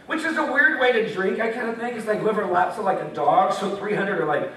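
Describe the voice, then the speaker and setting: Animated young man preaching in echoey hall. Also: high-pitched, fairly quick, distant mic, slight background noise. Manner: animated, jokey, acts out voices of God and Gideon. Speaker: campus ministry speaker. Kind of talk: casual sermon with scripture reading. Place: meeting hall.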